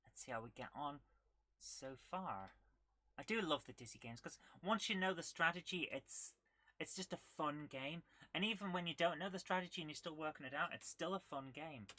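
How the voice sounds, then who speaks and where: A woman's voice: low voice, normal speed, sharp tone, no room sound. A woman streaming a retro game live, chatting and thinking aloud as she plays and humming along to the game. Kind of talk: live gameplay commentary.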